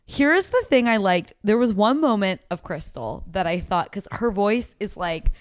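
A giggly woman co-hosting a casual podcast, her pitch leaping up and down as she chats. Her voice sounds close and dry, with no room echo. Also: lively intonation, moderate pace. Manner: giggly, chatty, lots of "like" fillers. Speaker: podcast co-host. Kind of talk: casual chat recapping a reality dating show.

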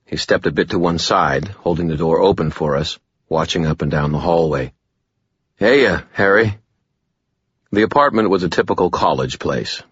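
A man narrating a first-person audiobook in a wry, deadpan way. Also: extremely low pitch, fairly quick, breathy edge, dry recording, muffled recording.

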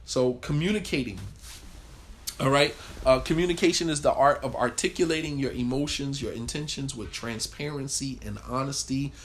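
Man, workshop leader, conversational, acts out dialogue, mid-pitched voice. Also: a bit bright, a little hiss or hum. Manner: conversational, acts out quoted lines. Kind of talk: group discussion talk.

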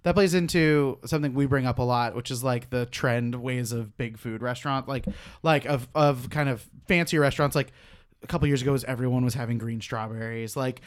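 A man co-hosting a casual podcast chat, rambling with many fillers and laughing often. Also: medium pitch. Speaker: podcast co-host.

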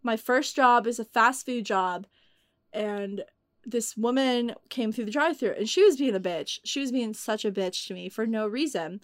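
A young woman casually telling a story in animated, profane bursts, acting out the voices she quotes. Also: a little high, dry recording, clean studio sound. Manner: animated, swearing, acts out quotes. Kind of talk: casual chat.

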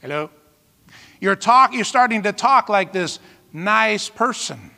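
A male pastor preaching with an emphatic, dramatic delivery, throwing out rhetorical questions and sudden exclamations. His voice sits high and sounds bright and forceful. It rings out with a long reverb, as if in a church hall. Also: animated, slow pace, vocal fry. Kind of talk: sermon.

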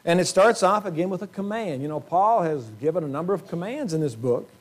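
A male pastor preaching a sermon to his congregation, earnest, often clearing his throat and asking rhetorical questions. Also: sits high, expressive, fairly quick. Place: church sanctuary.

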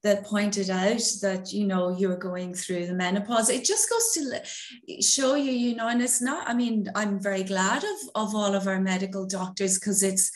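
A woman's voice: mid-range voice, steady tone, moderate pace, roomy sound. A woman co-hosting a podcast, chatting casually and affirming her guest, often restarting her sentences. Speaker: podcast co-host. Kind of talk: casual conversation.

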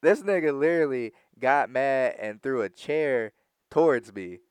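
Young man, smooth clear voice, dry close sound, animated profane storytelling, casual chat. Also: mid-range voice, a little slow, no echo.

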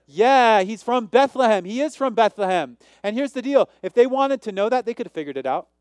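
Emphatic high-voiced male preacher. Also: expressive, fairly quick, a little mellow, dry recording, clean studio sound. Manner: emphatic preaching, shifting pace and volume. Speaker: pastor. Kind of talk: sermon.

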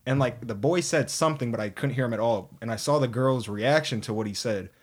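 A man's voice: mid-range voice, fairly quick. A young man co-hosting a podcast, telling a story in loose, slangy casual chat with lots of fillers. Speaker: podcast co-host.

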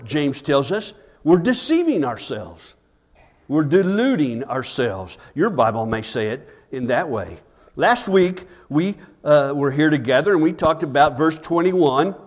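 A man preaching a sermon as pastor at a church service. He preaches earnestly, asks the congregation "Amen?", and drops to a hushed voice when telling stories. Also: a little high.

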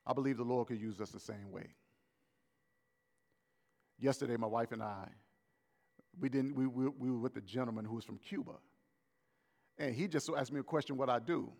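A man preaching a sermon as pastor, swinging between loud raised lines and soft, slow emphatic words. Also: mid-range voice, big-room sound. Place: church hall.

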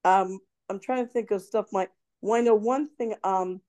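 A woman with a mellow, warm tone tells old stories at an easy pace, pausing with ums and laughing often. She co-hosts a casual podcast. The sound is dry and close. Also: mid-range voice, dry recording. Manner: anecdotal, laughs often, searches for words. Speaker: podcast co-host. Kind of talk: casual storytelling chat.

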